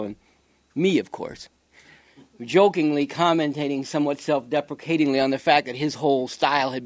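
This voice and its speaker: A man's voice: medium pitch, dry recording. A man giving a spoken commentary monologue in a sardonic, digressive storytelling manner.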